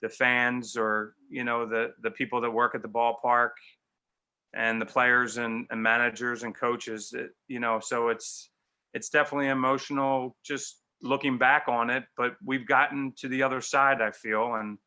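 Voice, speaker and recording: A man speaks as a guest in a casual interview, halting and reflective, with a steady, flat voice that has a bright, tense edge. He pauses often and fills gaps as he gathers his words. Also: mid-range voice, clear, resonant tone. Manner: halting, reflective, many fillers. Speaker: baseball manager as guest.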